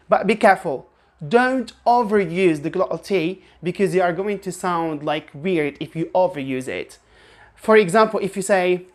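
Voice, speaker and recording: Low-voiced woman teaching pronunciation. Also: expressive. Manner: slow, drawn-out example words repeated for practice. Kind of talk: online pronunciation lesson.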